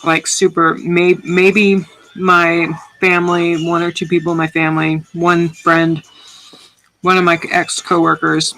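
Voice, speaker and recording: Bright-voiced chatty woman artist. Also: on the low side, little pitch movement, measured pace, poor audio. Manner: rambling, chatty, swears casually, laughs often. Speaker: artist streaming her work. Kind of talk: casual livestream chat while making art.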